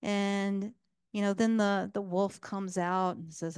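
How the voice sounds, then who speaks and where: A woman's voice: medium pitch, fairly even intonation, slow pace, a little mellow, clean tone, no echo, clean studio sound. A woman giving a casual public talk as guest speaker, enthusiastic and full of fillers.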